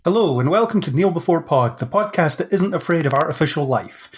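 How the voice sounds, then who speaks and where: Slightly high-voiced jokey male podcast host. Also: lively intonation, fairly quick, faint music behind. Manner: playful, jokey sci-fi banter. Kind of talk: casual podcast chat with scripted intro.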